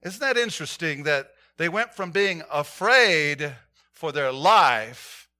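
A male pastor preaching a sermon to his church, telling stories with animation and dropping from loud calls to hushed points. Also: on the high side, expressive, slow.

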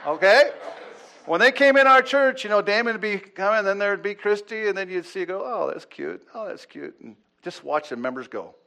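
A man preaching as a pastor, telling a story with lively acted-out quotes and swings between loud and hushed delivery. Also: high-pitched, fairly quick. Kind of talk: sermon storytelling.

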